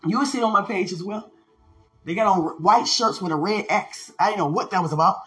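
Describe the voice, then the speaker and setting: An evangelist podcast host telling mission stories in excited preaching testimony, laughing often, repeating phrases and using street slang. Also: medium pitch, brisk, faint music behind. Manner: uses slang and street talk.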